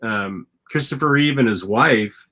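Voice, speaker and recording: Man co-host, married, bright forward tone, halting and repetitive. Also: medium pitch. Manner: halting, repeats words and restarts. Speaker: podcast co-host. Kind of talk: casual chat.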